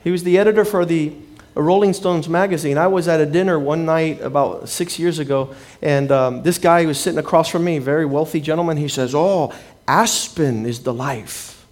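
A man's voice: a little high, steady tone, a little fast, a little mellow. A man preaching a sermon as a pastor, telling stories and acting out the people he quotes.

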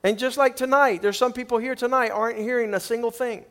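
A middle-aged man preaching a sermon with animated, quick bursts and repeated words. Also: extremely high pitch.

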